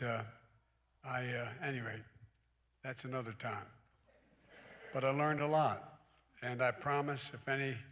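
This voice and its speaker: A man's voice: medium pitch, a bit bright. A man in his eighties giving a public speech at a church service, mixing folksy asides with emphatic oratory. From United States. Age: 80s. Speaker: guest speaker at a church service. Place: large church sanctuary. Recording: long hall reverb in a large church.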